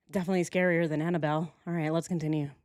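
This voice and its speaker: A woman's voice: low voice, steady tone, quick pace, background noise. A woman hosting a casual reaction stream, chatting with viewers and laughing often. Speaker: host.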